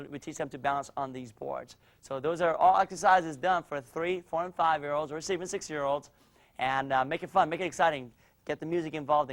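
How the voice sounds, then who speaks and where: High-voiced energetic martial arts instructor man. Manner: energetic coaching, calls out drills. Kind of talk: teaching a kids' class demonstration. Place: martial arts studio with students.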